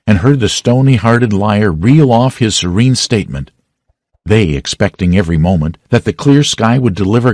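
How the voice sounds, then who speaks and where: A man narrating a classic novel as an audiobook reader, with a dramatic, expressive reading. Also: fairly low pitch, no echo, clean studio sound. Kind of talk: scripted narration.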